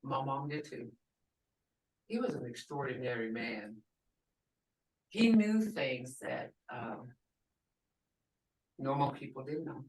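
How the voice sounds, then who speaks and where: An older woman teaching a language class, speaking slowly and patiently and repeating words for her learners. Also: a bass voice, lively intonation, a little mellow. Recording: roomy and distant from the mic.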